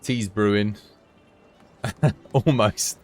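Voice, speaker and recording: A man streaming live and chatting casually as he plays, given to high giggling fits. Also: fairly even intonation, drawn-out words, a little mellow, faint music behind. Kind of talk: live gameplay commentary.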